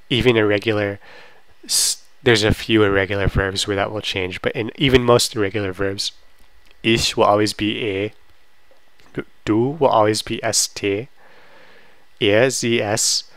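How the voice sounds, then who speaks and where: A man teaching a language lesson in a relaxed, casual way, with frequent fillers and restarts while he talks over slides. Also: lowish voice, smooth, dry recording, low-quality recording. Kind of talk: casual screen-recorded lesson.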